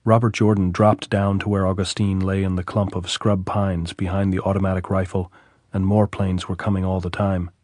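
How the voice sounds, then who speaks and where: A man narrating a classic novel as an audiobook, in a steady, measured reading. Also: low-pitched, dry recording, clean studio sound.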